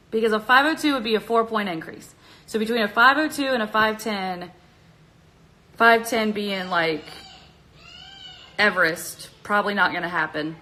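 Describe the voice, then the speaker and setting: A woman's voice: fairly high pitch, sharp tone, low-quality recording. A young woman chatting on a phone livestream, nervous and chatty, laughing often. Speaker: vlogger on a livestream. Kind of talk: casual livestream chat. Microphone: phone at arm's length.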